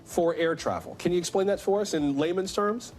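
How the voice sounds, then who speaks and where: Guy anchoring tv news, steady clear read, then asks the guest questions. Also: high voice. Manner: clear, measured newsreader delivery. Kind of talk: scripted news reading and interviewing.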